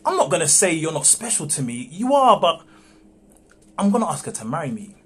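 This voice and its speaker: A man reading a young man who is backing out of an affair with a married woman, calm and measured, in a live script read-through over a phone. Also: fairly high pitch, breathy edge. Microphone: phone on a livestream.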